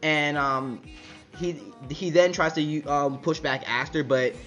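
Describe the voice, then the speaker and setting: A man's voice: a little high, slow pace, fairly bright tone, soft background music. A man casually recapping a comic chapter, rambling with many fillers and restarts. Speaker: manga reviewer.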